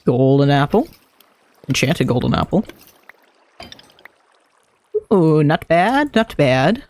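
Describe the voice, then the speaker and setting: A streamer talks through a game in a slow, unhurried way, thinking aloud and muttering to themself. The voice sits at a middling pitch, and the commentary is loose and casual. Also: big pitch swings, a little mellow.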